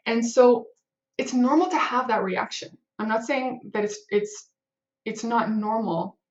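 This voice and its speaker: Woman, casual advice talk, rambling, fillers, mid pitch, slightly dull audio. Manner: rambling, lots of fillers and acted-out inner panic. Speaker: head of a web development team.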